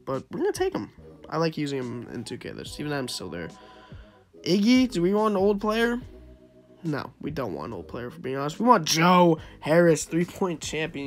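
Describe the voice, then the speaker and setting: A young man giving casual, chatty commentary on his gameplay, second-guessing himself as he goes. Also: a little high. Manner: chatty, self-interrupting, wavering pick by pick. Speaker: gaming YouTuber.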